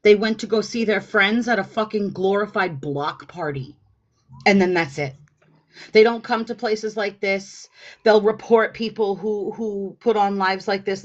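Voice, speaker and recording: A woman's voice: mid-range voice, steady tone, normal speed. A woman hosting a casual political panel, swearing a lot and mocking people with heated sarcasm. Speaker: host. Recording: dull lo-fi stream audio.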